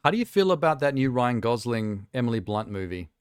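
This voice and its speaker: A man's voice: mid-range voice, sing-song, fairly quick, clear, resonant tone, no echo, clean studio sound. A young man live streaming, chatting casually and rambling with self-amused asides while reacting to trailers.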